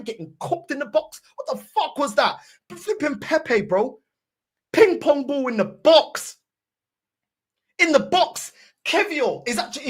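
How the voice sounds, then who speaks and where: A woman's voice: a little high, slightly rough. A woman hosting a football fan channel, ranting angrily after a loss, swearing, repeating herself and switching between English and Portuguese. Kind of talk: angry fan reaction rant.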